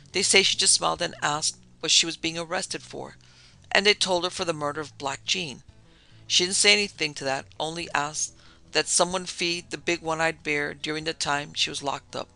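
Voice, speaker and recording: Male narrator, fairly high, very bright tone with gravelly fry; first-person storytelling with lightly voiced dialogue. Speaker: podcast narrator. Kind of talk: scripted narration of a vintage tale.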